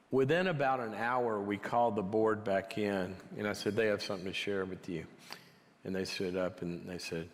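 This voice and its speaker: Low-voiced man teaching in a big hall. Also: a little slow, pauses often. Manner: conversational, drops to a near whisper for quiet moments. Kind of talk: storytelling teaching talk. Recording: long hall reverb.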